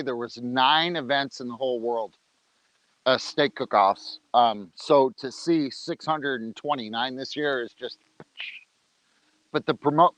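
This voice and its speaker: A man hosts a laid-back outdoor livestream, joking around and talking with food in his mouth. The sound is dry and a little dull, as if from a low-grade mic. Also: fairly bright tone, no echo. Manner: loose, joking, talks while eating. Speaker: organization leader on a livestream. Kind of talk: casual livestream talk. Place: outdoors, rain coming.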